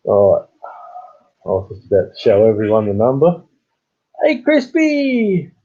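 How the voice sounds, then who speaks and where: A man's voice: lowish voice, fairly quick, dark tone, breathy edge. An Australian man chatting casually with viewers on a live stream, trading joking, matey banter. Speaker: coin hunting channel host. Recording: tinny phone-like sound.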